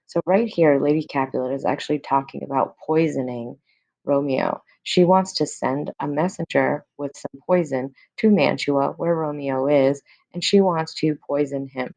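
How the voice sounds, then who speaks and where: Woman teacher with a gravelly voice. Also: low voice, moderate pace, darkish tone. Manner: casual, paraphrasing with fillers. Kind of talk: explaining a play to students.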